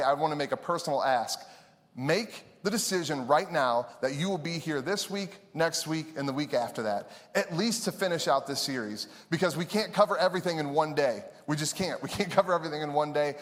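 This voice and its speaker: A male pastor giving a conversational, animated sermon in a church, laughing often. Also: on the high side. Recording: reverberant church hall.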